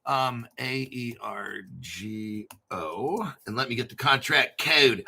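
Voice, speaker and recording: A man's voice: mid-range voice, animated, slow pace, vocal fry, few pauses, bright, forceful tone, slightly rough. A man hosting a crypto channel, rambling casually with profanity, jokes and self-mockery. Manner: profane, joking, self-mocking and digressive.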